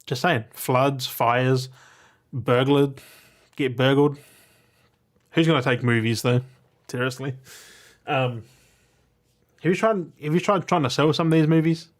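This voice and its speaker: Blunt vlogger, rambling and offhand, mid-range voice. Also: male voice, mid-range voice, measured pace, pauses often. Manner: blunt, swears casually, digresses and restarts often. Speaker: YouTuber showing his weekly movie and game pickups. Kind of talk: casual rambling to camera.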